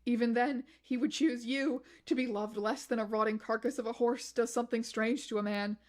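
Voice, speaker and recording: A woman with a fairly high voice reads blog posts aloud during a stream. She keeps her delivery steady and matter-of-fact, even when the text turns strange. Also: brisk.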